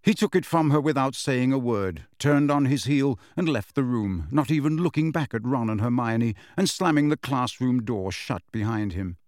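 A man reading a novel aloud as audiobook narration, in measured, expressive storytelling. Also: mid-range voice, no echo, studio quality. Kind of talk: scripted narration.

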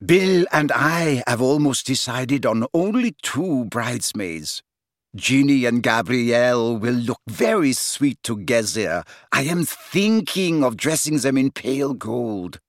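A man's voice: mid-range voice, expressive, slow, no room sound, studio quality. A man voicing a young bride-to-be chattering on about her wedding plans. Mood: gushing. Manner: gushing monologue.

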